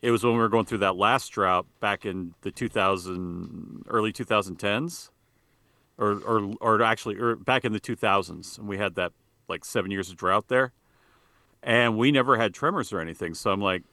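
A man's voice: lowish voice, normal speed, bright, forceful tone, no echo. A man co-hosting a podcast in casual chat, rambling with fillers and restarts and swearing offhandedly. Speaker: podcast co-host.

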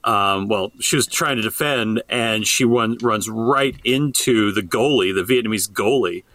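A man co-hosting a political podcast in casual chat, expressive and quick to back up his partner. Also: lowish voice, dry recording. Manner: expressive, backs up co-host with quick agreement. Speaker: podcast co-host.

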